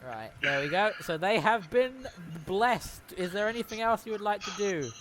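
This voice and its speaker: A man's voice: sits high, lively intonation, normal speed, fairly bright tone. A man narrating as game master in a tabletop game, talking in a rambling, chatty way and correcting himself often. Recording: noisy recording.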